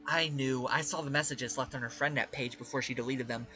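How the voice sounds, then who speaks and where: Brief: gamer voicing a blunt, morbid young woman student, cool and matter-of-fact, bright lively read over soft game music. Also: mid-range voice, brisk, pitched below the performer's own voice, close to an everyday voice. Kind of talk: reading game dialogue aloud.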